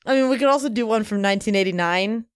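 A woman's voice: mid-range voice, fast, smooth, dry recording, clean studio sound. A young woman co-hosting a casual podcast in an easygoing, often laughing way. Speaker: podcast co-host.

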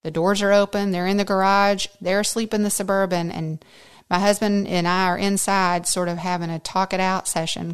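A woman's voice: medium pitch, normal speed, smooth. A woman in her fifties, a podcast host telling a personal story in an earnest, faith-centered way, acting out the things people said. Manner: lively storyteller who acts out quoted speech.

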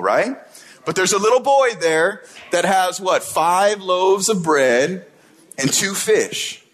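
A man's voice: high-pitched, lively intonation, a little slow, fairly bright tone. A man preaching a sermon in a casual, conversational way, often checking in with his listeners. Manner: conversational preaching, tag questions like "right?". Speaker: pastor.

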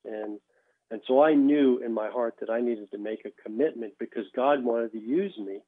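Man on a tinny phone line. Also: medium pitch. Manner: halting, repeating words as he speaks. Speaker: guest, former pro baseball pitcher. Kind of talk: telling a personal faith testimony.

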